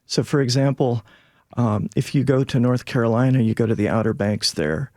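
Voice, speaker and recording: A man who is a sociolinguist, guest on a radio show, explaining in a measured, lecturing way. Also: medium pitch, warm tone, no room sound, studio quality. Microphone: studio mic.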